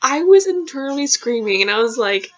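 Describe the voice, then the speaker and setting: A woman's voice: high-pitched, very animated, fairly quick. A young woman vlogger rambling through embarrassing personal stories, full of fillers and casual swearing. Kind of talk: casual storytelling. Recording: lo-fi dull sound.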